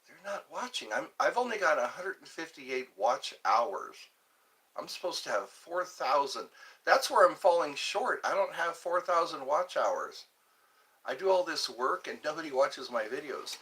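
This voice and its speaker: A man's voice: on the high side, big pitch swings, normal speed, bright, forceful tone. A man hosting his own live stream, rambling and joking between topics, greeting viewers and now and then breaking into mock cries.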